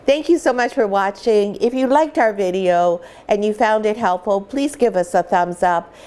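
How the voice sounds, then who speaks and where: A woman's voice: medium pitch, normal speed, a little mellow, clean tone. A middle-aged woman, a dog breeder, casually explaining things in a home vlog, chatty and full of fillers and restarts.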